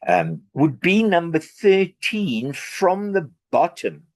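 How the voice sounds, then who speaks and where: A South African man giving a sarcastic, opinionated political rant, with many fillers and restarts. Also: medium pitch. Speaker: political commentary vlogger.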